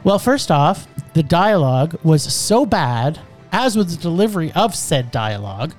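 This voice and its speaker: A woman's voice: low voice, big pitch swings, normal speed, a little mellow, soft background music. A woman hosting a casual film-review chat, ranting with exasperation and swearing. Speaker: podcast host reviewing films.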